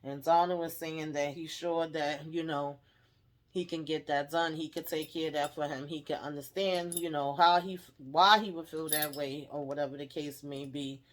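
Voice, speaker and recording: A woman's voice: low-pitched, fairly even intonation, moderate pace. A woman hosting a casual TV episode recap, chatty and emphatic, often tagging on "okay?" and "you know". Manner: laughs while retelling. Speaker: TV recap host.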